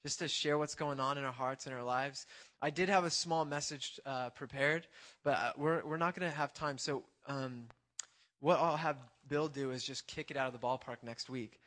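A man's voice: medium pitch, normal speed, fairly bright tone. Encouraging man leading a church meeting. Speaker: worship leader.

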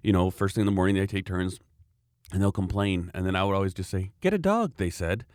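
Low-voiced man, rambling wry chat. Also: completely flat delivery, fast talker, a little mellow, dry recording, clean studio sound. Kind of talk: casual chat.

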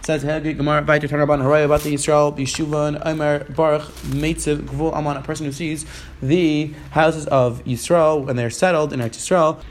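A man giving a Talmud class in a quick, steady flow, mixing Hebrew and Aramaic quotes with English explanations. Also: a little high, slight background noise. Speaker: Talmud teacher. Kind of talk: Gemara study class.

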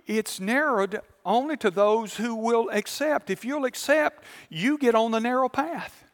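A male pastor, preaching a sermon. He tells a story calmly, then builds to fervent appeals to the congregation. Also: very high voice, a little slow, few pauses, big-room sound. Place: large church auditorium.

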